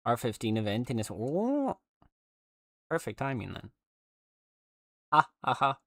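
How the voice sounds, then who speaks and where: A man's voice: medium pitch, very animated, unhurried, a bit bright, no room sound. Rambling male streamer, dry sound. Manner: rambling, chatty, full of fillers and restarts. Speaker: livestreamer. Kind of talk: casual livestream chat.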